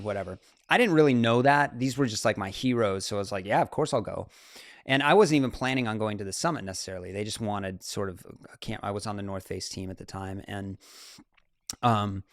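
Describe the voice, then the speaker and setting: A man in his forties, a mountain climber and photographer, telling stories as an interview guest. His delivery is animated, with laughter and quick asides. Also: fairly low pitch, dry recording, studio quality. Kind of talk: casual interview storytelling.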